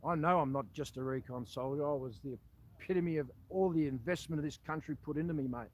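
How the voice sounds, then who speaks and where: A man's voice: fairly high pitch, fast talker, low-quality recording. A man with an Australian accent, a former army soldier, making a direct-to-camera appeal that confronts the listener and keeps calling him "mate".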